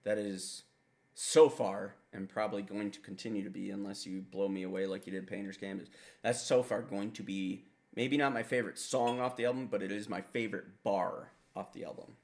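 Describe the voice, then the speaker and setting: A man's voice: fairly low pitch, fairly even intonation, fairly quick, a little mellow. A man hosting a music reaction video, talking in a laid-back, rambling and profane way. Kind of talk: casual album reaction commentary.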